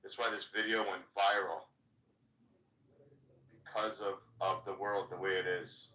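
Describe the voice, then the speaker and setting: Blunt rambling man host, bright and echoey. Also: low-pitched, flat delivery, normal speed, distant mic. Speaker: livestream host. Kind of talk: casual chat.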